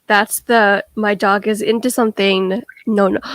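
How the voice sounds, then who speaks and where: A woman guest on a casual livestream, speaking slowly and softly. She mostly answers in short reactions. The sound is dry and close, with no room around it. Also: medium pitch, flat delivery, no room sound. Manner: brief reactions, soft and unhurried. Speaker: guest co-host.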